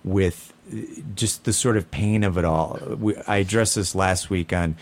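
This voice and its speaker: A man's voice: low-pitched, steady tone, moderate pace. A man co-hosting a talk show, speaking casually and earnestly, often rambling and restarting his sentences. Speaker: podcast co-host. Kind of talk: casual conversation.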